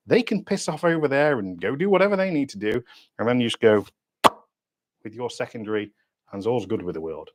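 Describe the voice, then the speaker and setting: A British man hosting a diving channel's livestream Q&A, talking bluntly in sweary, matey banter with lively swings in pitch and loudness. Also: a little fast. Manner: animated, lively ups and downs in pitch and loudness.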